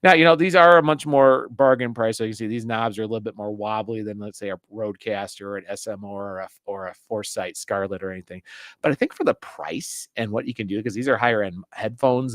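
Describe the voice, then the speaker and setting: A man's voice: fairly low pitch, a bit bright, dry recording, studio quality. A man casually reviewing an audio mixer, rambling and chatty as he demonstrates it into a desk mic. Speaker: gear reviewer. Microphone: desk mic through a mixer.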